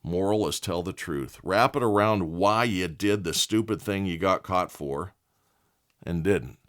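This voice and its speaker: Deep-voiced man telling a story. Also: a little slow. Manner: animated storyteller who chuckles often; folksy and candid. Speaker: podcast host. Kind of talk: leadership podcast storytelling.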